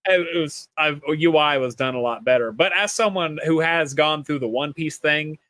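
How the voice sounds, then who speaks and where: A man's voice: fairly high pitch, normal speed, a bit bright, no echo. A man with a Southern US accent co-hosting a podcast, talking casually and rambling with many restarts. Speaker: podcast co-host. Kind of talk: casual chat.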